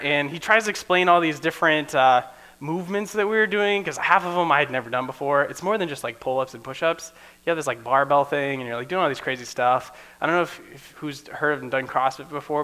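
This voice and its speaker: Bright-voiced young preacher, casual and chatty. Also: male voice, fairly high pitch. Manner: conversational, often adds "right?", acts out quotes in voices. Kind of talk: casual teaching sermon.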